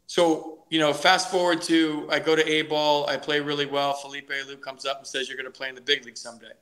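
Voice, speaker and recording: A middle-aged man, a former ballplayer, telling his career story in an animated, energetic way during a podcast interview, often restarting his sentences. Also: mid-range voice. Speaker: guest, former ballplayer and broadcaster.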